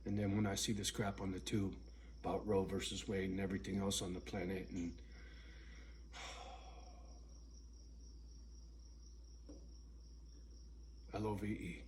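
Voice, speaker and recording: A man's voice: low voice, completely flat delivery, fast talker, darkish tone, slight background noise. A man ranting bluntly and profanely in a casual vlog, alone at home. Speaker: vlogger. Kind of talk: casual rant to camera.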